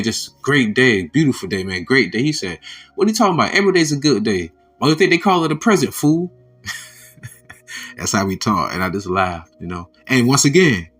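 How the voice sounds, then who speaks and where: A man with a fairly low voice talks through religious ideas in a relaxed, storytelling way. He jumps from loud, animated quoted voices to soft asides and laughs often. Faint music sits quietly behind him. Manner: laughs often between sentences. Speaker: religious video host. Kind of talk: casual spiritual talk.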